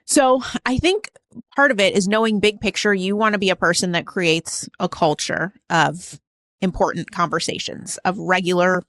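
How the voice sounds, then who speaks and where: A woman co-hosting a casual podcast conversation, measured and affirming, laughing easily. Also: lowish voice, a bit bright, dry recording. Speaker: podcast co-host.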